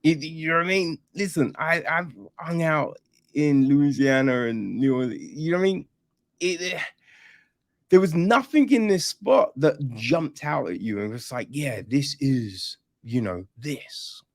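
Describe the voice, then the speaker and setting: A man's voice: on the high side, expressive, moderate pace, vocal fry, no room sound, clean studio sound. A man reviewing a film on a podcast in a casual, sarcastic rant, swearing freely and rambling with restarts. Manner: rambling with restarts and "you know what I mean".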